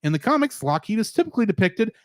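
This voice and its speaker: A man co-hosting a podcast in casual review chat, animated and laughing often. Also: high voice, racing, no room sound, clean studio sound. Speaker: podcast co-host.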